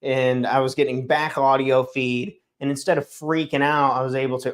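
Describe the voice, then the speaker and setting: A man's voice: medium pitch, flat delivery, moderate pace, few pauses. A man hosting a daily morning livestream, talking casually and earnestly, often restarting and correcting himself. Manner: rambling, self-correcting, earnest. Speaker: host of a daily morning show. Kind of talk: casual solo livestream talk. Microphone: streaming setup microphone.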